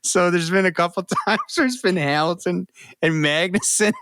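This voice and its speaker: A man's voice: high voice, animated, normal speed, fairly bright tone, no room sound, studio quality. A man co-hosting a casual podcast chat, who often laughs through his sentences. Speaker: podcast co-host.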